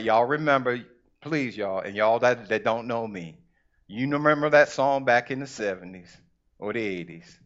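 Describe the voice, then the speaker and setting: A middle-aged male pastor preaching a sermon and reading scripture, with an emphatic delivery that calls on the congregation and slows down to stress key words. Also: mid-range voice, a bit bright. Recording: dull lo-fi recording.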